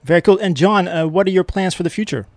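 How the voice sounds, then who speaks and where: A man's voice: high-pitched, fast, a little mellow, no room sound. Dry-sounding, upbeat quiz host man. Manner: upbeat, laughs often while reading questions. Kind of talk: casual podcast quiz and interview.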